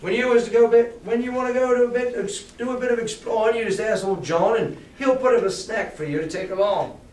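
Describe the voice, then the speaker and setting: A man's voice: high voice, fast, a little mellow, far from the mic, slight background noise, pitched above the performer's own voice, lightly acted. Brief: sly, hearty old pirate cook, a man reading it aloud, slightly raised voice, echoey room. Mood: friendly. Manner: drawling old sailor talk, hearty. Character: old one-legged male pirate cook, sly and friendly. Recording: roomy classroom echo from afar.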